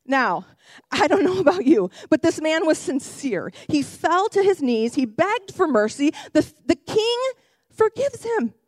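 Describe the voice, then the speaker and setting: A young woman who works with children delivers a sermon in a high voice that swoops up and down. She talks in a chatty, self-correcting way and breaks into excited shouts. The sound is close and dry. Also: a little slow, no room sound. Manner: animated, bursts into excited shouts. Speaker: kids ministry worker giving a sermon.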